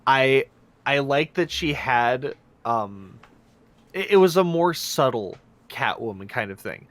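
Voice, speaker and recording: A man's voice: mid-range voice, expressive, takes it slowly, a bit bright, dry recording. A young man co-hosting a podcast, talking in an easygoing, joking way with thoughtful asides. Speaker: podcast co-host. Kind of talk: casual chat.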